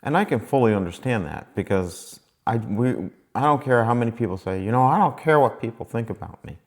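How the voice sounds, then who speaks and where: A man's voice: medium pitch, lively intonation, brisk. A man casually telling a motivational story in a rambling, folksy way that repeats itself. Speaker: vlogger.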